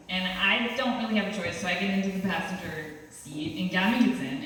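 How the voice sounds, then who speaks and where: A young woman telling a story live on stage, animated and laughing as she acts out the other people's lines. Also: mid-range voice. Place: small cultural center hall with a small audience. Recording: echoey hall, distant mic, faint hiss.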